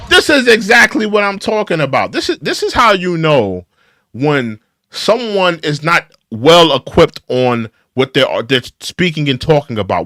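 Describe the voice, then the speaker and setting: Lively high-voiced male commentator. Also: no room sound, clean studio sound. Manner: animated, critical, repeats phrases. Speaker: commentary show host. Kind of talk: opinionated commentary on clips.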